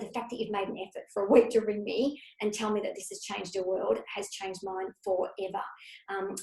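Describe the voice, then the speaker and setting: A woman giving a motivational talk, telling a story and acting out the voices of the people in it. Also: medium pitch. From Australia. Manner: lively, acts out quoted voices in her story. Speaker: motivational speaker. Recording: echoey room.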